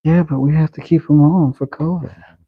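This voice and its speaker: A man's voice: a little high, steady tone, normal speed, slight background noise. A man making a knife in his workshop, chatting playfully to the camera through a face mask. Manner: playful, mumbling self-talk while working. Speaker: knife maker, channel host. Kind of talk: casual workshop vlog commentary. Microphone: talking through a face mask. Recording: dull lo-fi audio.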